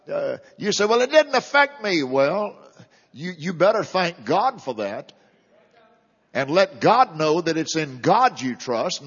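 An older male pastor with a slightly high, breathy-edged voice preaches a sermon in a church sanctuary, his emphasis rising and falling with impassioned force. The recording is dull and lo-fi, with a long hall reverb.

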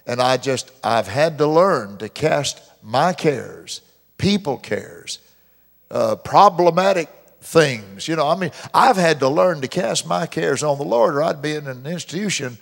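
A pastor preaches with lively, sweeping pitch and a slightly raised voice. He drags out scripture lines slow and loud for emphasis, building to a dramatic climax. His voice hangs in the long reverb of a church hall. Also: gravelly. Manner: preaching with dramatic emphasis, repeats verses slowly and loudly; mimics complainers in a high whiny voice. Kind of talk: sermon. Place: church sanctuary.

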